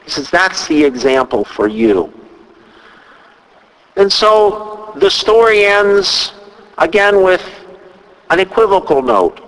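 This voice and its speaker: A man preaching a sermon, retelling a scripture story at a measured pace and quoting its dialogue. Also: high-pitched, sing-song, a bit bright, long reverb tail, poor audio. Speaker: pastor. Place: church.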